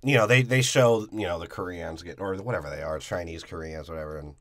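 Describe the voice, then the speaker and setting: A man's voice: sits low, fast talker, a bit bright, no room sound. A man recapping a movie in casual chat, crude and profane, rambling with lots of ums and asides.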